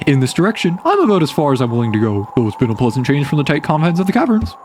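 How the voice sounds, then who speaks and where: A man's voice: wildly swooping pitch, rapid-fire, a little mellow, slight background noise. A man voicing a chatty bug mapmaker. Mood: pleasant. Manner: polite, conversational, lower put-on voice. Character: cheerful, chatty male mapmaker bug traveler.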